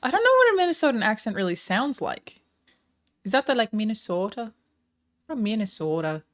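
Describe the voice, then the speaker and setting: A woman streamer chatting live with her viewers in a sarcastic, deadpan, profane way. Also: on the high side, quick pace.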